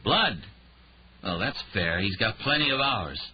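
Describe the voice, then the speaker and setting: A man narrator voicing a drunk, raging male detective who snarls and shouts. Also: lowish voice, expressive, a little slow, highs cut off, noisy background. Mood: bitter drunk. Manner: snarling, shouting, slurred rants.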